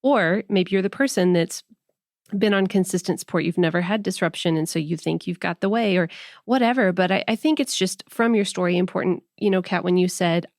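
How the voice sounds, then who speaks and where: A woman's voice: fairly low pitch, a little fast, darkish tone, no echo. Thoughtful woman hosting a podcast, dry sound. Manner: thoughtful, conversational, faith-centered reflection. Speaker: podcast host. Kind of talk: casual podcast conversation.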